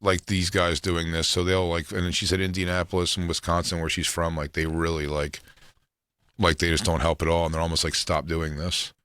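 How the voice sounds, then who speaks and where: A man's voice: low-pitched, fairly quick, clear, resonant tone, no echo, studio quality. A male comedian hosting a radio show, telling a story with a lot of energy and acting out the voices of the people in it. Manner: animated storyteller who acts out quoted voices. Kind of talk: casual radio show chat.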